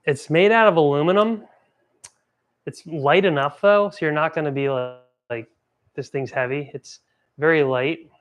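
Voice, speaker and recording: A young man hosts a casual gear review vlog in a slightly high, smooth and resonant voice. He rambles with cheerful enthusiasm, often stopping to correct himself mid-sentence. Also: moderate pace. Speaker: host.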